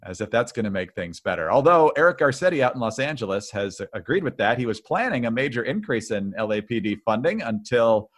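Male co-host, mid-pitched voice, dry political chat. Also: very animated, brisk, hardly any pauses. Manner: conversational, dry, with filler words. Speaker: podcast co-host.

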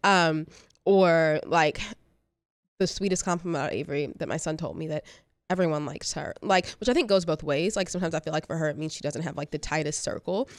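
Brisk middle-aged woman co-host, slightly low, chatty storyteller, dry close sound. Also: dry recording. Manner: chatty storyteller, filler-heavy. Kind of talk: casual chat.

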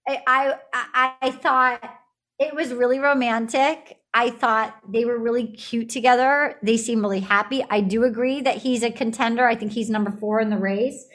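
A woman hosting a comedy podcast, talking animatedly with loud laughs and rambling restarts. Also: a little high, steady tone, moderate pace. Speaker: podcast host. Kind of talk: casual comedic chat.

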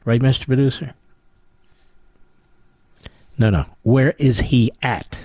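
A man's voice: mid-range voice, lively intonation, moderate pace, pauses often, a little mellow, no room sound. A man with a Philadelphia accent hosting a talk radio show, delivering a sarcastic, combative monologue.

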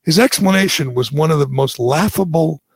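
A man's voice: on the high side, moderate pace, slightly rough, dry recording. A middle-aged man, hosting political talk radio with sarcastic, indignant ranting. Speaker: talk show host.

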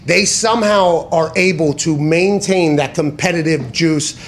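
Male sports-talk host, slightly high voice, emphatic and foul-mouthed, faint background noise. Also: unhurried. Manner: profane, animated, emphatic; tangents and self-corrections.

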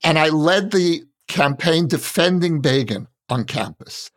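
A man in his sixties, talking in an earnest, searching and measured way as a podcast co-host in a reflective conversation. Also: on the high side, animated, a bit bright. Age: 60s. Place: Israel.

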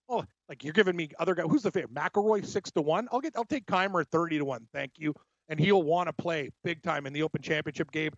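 A chatty, animated man talks through his betting picks like he is telling a story. His voice sits a little high and sounds dry and close. The recording is dull and lo-fi. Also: no room sound. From Scotland. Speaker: sports betting co-host. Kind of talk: casual sports betting talk.

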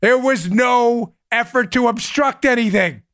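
Bright-voiced, animated, sarcastic male host. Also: extremely high pitch, a little slow. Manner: animated, sarcastic, mock-theatrical. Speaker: podcast host. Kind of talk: political commentary show.

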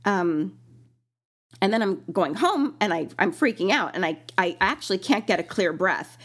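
Woman chatting, animated storyteller, laughs a lot, getting over being sick. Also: medium pitch, normal speed, husky. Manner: animated, laughs often, acts out quoted voices. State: recovering from illness, lingering cough. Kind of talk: casual storytelling chat.

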